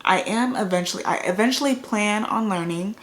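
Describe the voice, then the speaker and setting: A woman's voice: mid-range voice, fairly quick. A young adult woman chatting casually on her vlog, laid-back and rambling with frequent fillers and restarts. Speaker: vlogger. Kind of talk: casual chat.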